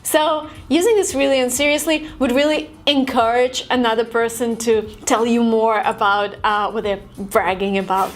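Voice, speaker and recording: A woman's voice: high-pitched, slight background noise. Chatty woman teaching casual English. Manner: chatty, acts out exaggerated reactions. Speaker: language vlogger teaching English phrases. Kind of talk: casual video lesson. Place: lives in San Francisco.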